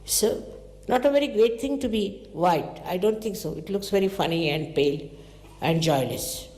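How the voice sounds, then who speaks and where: A woman giving a spiritual talk to followers, telling stories in an animated way, her pitch leaping up and dropping low. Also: moderate pace. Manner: animated storytelling with sudden pitch jumps. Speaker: spiritual teacher. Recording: echoey hall recording.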